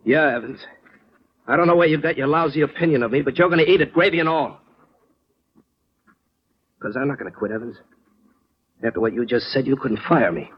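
An actor playing a blunt, streetwise working-class family man in 1940s radio-drama style, with a husky voice, on a lo-fi old broadcast. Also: medium pitch, expressive, slight background noise, close to an everyday voice. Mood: defiant. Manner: blunt, streetwise slang, quick to bristle.

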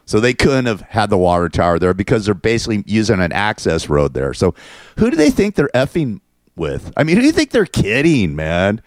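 A man's voice: lowish voice, huge pitch swings, brisk, no room sound, studio quality. A man hosting his own show, ranting in a crude, sarcastic and mocking way. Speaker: show host. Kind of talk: ranting monologue.

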